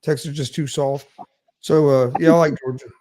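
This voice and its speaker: A man's voice: a little high, steady tone, a little fast, a little mellow, slight background noise. A man co-hosting a sports podcast, giving his picks with lots of repeats and teasing. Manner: repeats himself, ribs his co-hosts. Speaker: co-host. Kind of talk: casual sports podcast banter.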